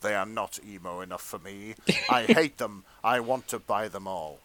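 A man's voice: on the low side, normal speed, fairly bright tone. A male podcast co-host doing a comedic dramatic reading of fanfiction, often breaking into laughter.

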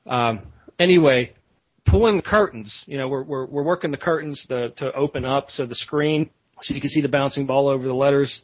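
A man's voice: mid-range voice, dry recording, highs cut off. A man, a podcast host, telling a long rambling story in casual chat, full of restarts and asides.

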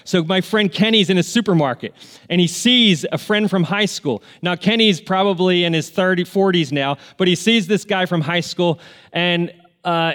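A man with a high voice preaches, telling stories in an earnest, heartfelt way. He keeps a sermon's conversational storytelling tone. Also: fairly bright tone. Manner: earnest, emotional, tearful at moments. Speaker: pastor.

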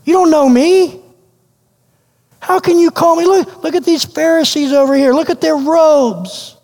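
A man's voice: very high voice, unhurried, a little mellow, voice pushed up. A man voicing a humble outcast who protests that he is not worthy, in a pleading, incredulous way. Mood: disbelieving. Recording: long hall reverb.

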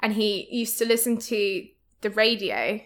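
A woman's voice: medium pitch, lively intonation, a little slow. A woman guest in a casual podcast chat who laughs often.

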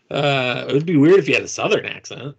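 A man's voice: medium pitch, expressive, moderate pace, creaky, slightly rough. A man co-hosting a casual podcast, laughing often and restarting his sentences. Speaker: podcast co-host. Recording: dull lo-fi sound.

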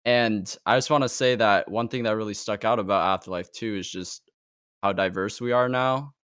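A man's voice: fairly low pitch, moderate pace, fairly bright tone, clean tone, no room sound, clean studio sound. A man in a casual group podcast, upbeat and supportive of the others.

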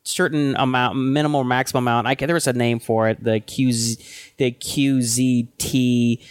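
A man co-hosting a casual tech podcast, thinking aloud in a loose, halting way with frequent restarts. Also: medium pitch, flat delivery, clean tone, dry recording, studio quality. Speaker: podcast co-host.

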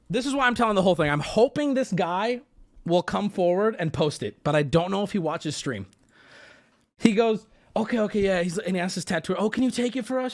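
A man hosting a livestream, telling a story to chat in a casual, animated way, swearing and breaking into yelling. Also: high voice. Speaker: livestream host.

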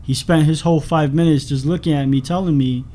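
A man's voice: fairly high pitch, fairly even intonation, brisk, dark tone. A man from the Bronx, a new stand-up comic guesting on a casual podcast, rambling through his story with crude jokes.

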